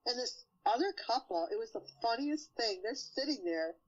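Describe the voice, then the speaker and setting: A woman co-hosts a podcast and tells stories in a bubbly, upbeat way. Her voice sits a bit high. The recording sounds slightly dull and muffled. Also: animated, normal speed. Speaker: podcast co-host. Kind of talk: casual chat.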